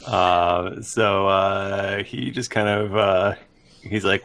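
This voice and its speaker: A man running a tabletop game as dungeon master, talking loosely with many pauses and fillers. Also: deep voice, fairly even intonation, fairly bright tone, clear, resonant tone. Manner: loose, halting, full of fillers.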